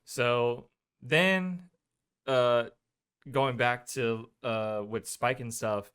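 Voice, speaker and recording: This podcast co-host speaks very slowly in a clear, resonant, mid-range voice. Chatting casually about a film, he walks through its scenes with animation and performs the characters' dialogue himself.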